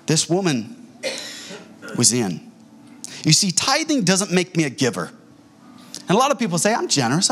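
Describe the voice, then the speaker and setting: Male pastor, fairly high husky voice, lively swooping delivery, animated sermon storytelling. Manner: animated storytelling, acting out quoted dialogue. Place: church sanctuary.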